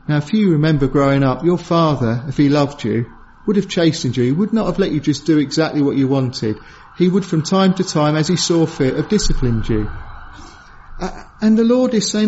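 A man preaches an evening sermon to a congregation, earnest and expressive, his voice a little high and somewhat mellow at a moderate pace. He often repeats a word while searching for the next one. The sermon recording is dull and lo-fi.

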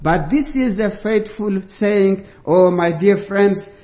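A man preaching a sermon, slow and deliberate, stressing key words with rising emphasis. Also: high-pitched, dark tone. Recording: echoey room.

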